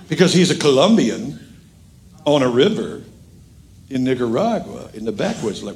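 A middle-aged male pastor with a highish, gravelly voice preaches a sermon at normal speed. He tells an animated, joke-filled story and acts out the other characters' lines in their own voices.

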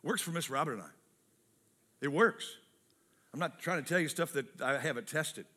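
A man preaching a sermon as a pastor, lively and humorous, acting out quotes in different voices and repeating key phrases. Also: a little high, normal speed.

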